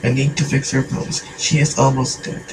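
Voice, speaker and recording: A man voicing a hospital doctor in a told story, read in a plain halting way. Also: mid-range voice, little pitch movement, lightly acted. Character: hospital doctor, matter-of-fact. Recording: echoey room, mic far off, hiss.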